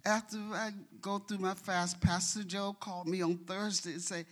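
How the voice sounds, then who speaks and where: A woman's voice: medium pitch, little pitch movement, normal speed, hardly any pauses. A middle-aged woman stands before her congregation in church and gives an earnest, heartfelt testimony. She admits her nerves as she talks and keeps returning to praise God. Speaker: church member reading scripture. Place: church sanctuary.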